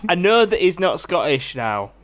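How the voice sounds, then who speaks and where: A male podcast co-host who teases the others and sounds incredulous. His voice is fairly high and swings widely in pitch. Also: sing-song, moderate pace, crowd noise. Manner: teasing, incredulous. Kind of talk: casual chat.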